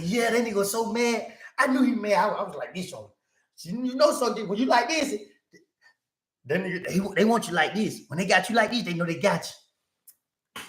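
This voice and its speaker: A young man with a high-sitting voice tells a story to his chat, casual and animated, acting out the voices of the other people involved.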